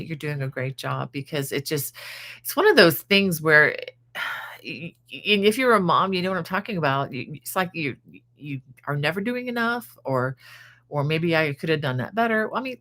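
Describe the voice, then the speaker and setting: A woman in her sixties with a low voice runs a casual live stream. She chats loosely and reads viewer comments aloud, with frequent fillers and restarts. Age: 60s. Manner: chatty, warm-hearted, many fillers and restarts. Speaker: crochet channel host.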